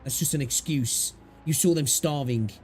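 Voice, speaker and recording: A man's voice: a little high, normal speed, darkish tone, faint music behind, lightly acted. A man voicing a grim, vengeful young infected woman investigator, speaking coldly and accusingly. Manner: cold and accusing.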